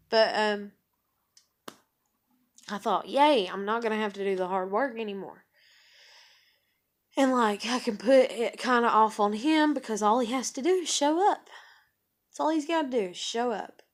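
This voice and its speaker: A woman's voice: fairly high pitch, normal speed, long pauses. A woman talking frankly in a personal vlog, rambling and swearing freely. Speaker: vlogger.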